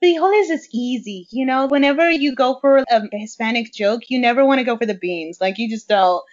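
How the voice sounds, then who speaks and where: A woman's voice: a little high, fairly quick, muffled recording. A woman hosting a podcast, chatting in a hyper, rambling way full of fillers. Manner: hyper, chatty, lots of "like" and "you know". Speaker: podcast host. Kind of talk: casual podcast chat.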